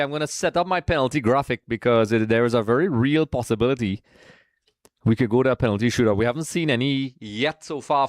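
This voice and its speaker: A man's voice: mid-range voice, no room sound, studio quality. A man hosting a live football watch-along stream, chatting casually with viewers and calling them folks while he sets up graphics.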